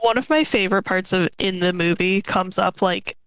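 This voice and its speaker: A woman's voice: fairly low pitch, normal speed, a bit bright, clean tone, dry recording, rough recording. Bubbly woman gushing on a podcast. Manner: bubbly, gushing, lots of fillers. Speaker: podcast co-host. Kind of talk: casual chat.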